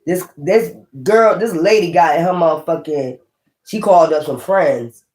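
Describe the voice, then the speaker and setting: A woman's voice: fairly low pitch, moderate pace, a little mellow. A woman giving a casual tarot reading, blunt and profane, thinking aloud as she goes. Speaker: tarot reader. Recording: roomy echo.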